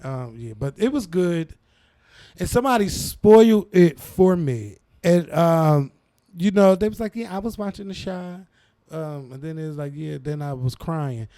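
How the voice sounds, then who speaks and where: High-pitched man, animated gossip. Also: measured pace, no room sound, studio quality. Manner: animated, profane, laughs often, slips into quoting others. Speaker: podcast co-host. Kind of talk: casual chat about TV and celebrity gossip.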